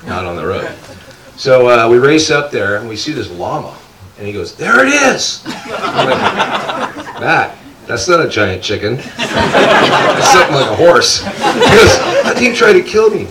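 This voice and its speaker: A man telling a funny story casually, laughing often and acting out what others said. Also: lowish voice. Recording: echoey, distant, loud background noise.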